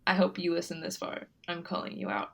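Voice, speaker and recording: A woman's voice: on the low side, flat delivery, brisk, creaky. Young woman podcast cohost, laughs a lot, loose casual chat. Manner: giggly, chatty, frequent laughter. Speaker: podcast co-host.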